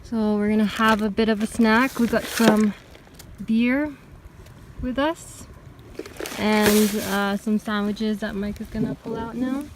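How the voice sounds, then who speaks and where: Slow-talking young woman vlogging. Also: mid-range voice, steady tone. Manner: chatty, laughs often, many fillers. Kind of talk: casual vlog narration. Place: outdoors by a mountain lake, later a hotel room. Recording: loud outdoor background noise.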